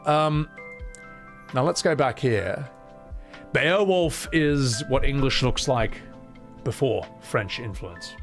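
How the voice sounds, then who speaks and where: A male streamer riffing with his chat in a loose, joking way, cursing freely as he goes. His voice swings up and down a lot as he talks. Soft music runs faintly in the background. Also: medium pitch, slow pace, long pauses. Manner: animated, joking, swears freely. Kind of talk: casual chat with a live chat.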